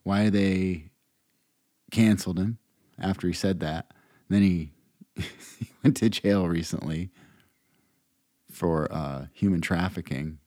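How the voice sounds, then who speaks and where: Man, podcast host, very low voice, sarcastic, meandering, dry close recording. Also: takes it slowly, long pauses, a little mellow, no room sound. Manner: meandering and sarcastic, with frequent restarts. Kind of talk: rambling political commentary.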